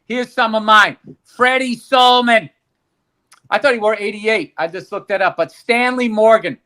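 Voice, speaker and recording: Bright high-voiced joking man. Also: unhurried. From United States. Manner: joking, heated ranting, swearing. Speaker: podcast co-host. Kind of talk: casual chat.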